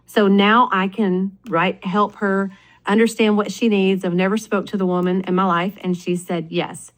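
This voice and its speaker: A woman's voice: medium pitch, moderate pace. Enthusiastic woman telling a success story. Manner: enthusiastic, animated, frequent "right?" and "like". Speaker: network marketing leader. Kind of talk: conversational interview storytelling.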